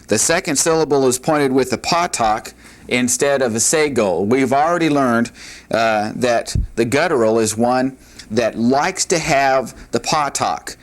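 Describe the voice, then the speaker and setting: A man with a mid-range, unhurried voice teaches Hebrew grammar at a classroom board. He patiently repeats the key points, often saying "all right" and "uh."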